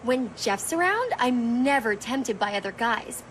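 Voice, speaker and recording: A woman's voice: on the high side, animated, a little slow, heavy background noise. An actress voicing a lovesick teenage girl contestant in a cartoon, flustered and dreamy as she talks. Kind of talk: cartoon voice acting.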